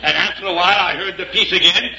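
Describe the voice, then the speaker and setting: A minister with a high voice tells a story animatedly from the pulpit. The recording is dull and lo-fi, with a roomy echo. A congregation can be heard clearly in the background. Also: male voice, fast talker, a crowd in the background. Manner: animated storyteller, drops into French and acted voices. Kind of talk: storytelling sermon. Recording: echoey lo-fi hall recording with audience.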